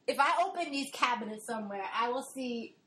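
Woman podcast host, bright higher voice, gushing and emotional, echoey room recording. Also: animated, a little fast. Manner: emotional, gushing, laughs often. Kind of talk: casual chat. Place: home, family gathering.

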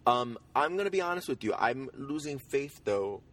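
A man co-hosting a casual podcast from a parked car, gushing and animated, often restarting his sentences. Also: mid-range voice, normal speed. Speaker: podcast co-host. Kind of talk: casual chat about soap operas.

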